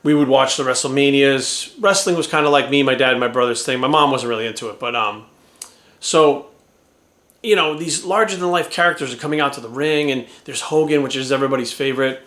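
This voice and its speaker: A man's voice: medium pitch, brisk. A middle-aged man telling a long rambling story in casual chat, acting out quoted lines and swearing freely. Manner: rambling, animated, acts out quoted voices, swears. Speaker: vlogger. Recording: roomy echo.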